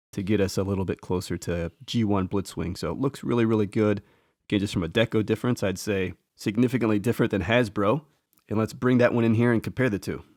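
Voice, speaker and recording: A man casually talking through a toy figure as a reviewer, relaxed and enthusiastic, thinking aloud as he points out details. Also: lowish voice, no echo, studio quality. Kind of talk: casual show-and-tell commentary.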